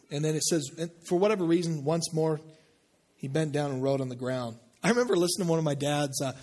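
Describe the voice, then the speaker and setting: A man preaching a sermon in a conversational way, asking the congregation questions and dropping low and slow to make a point. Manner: drops low and slow for emphasis. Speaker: pastor.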